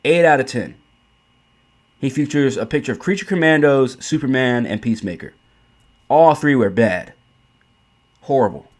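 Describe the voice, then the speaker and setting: A man delivers an opinionated commentary rant in an ordinary, mid-pitched voice. He is blunt and profane, circling back over his points and stumbling through restarts. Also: animated, normal speed, long pauses. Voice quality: blunt, profane, repeats himself. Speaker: commentary host.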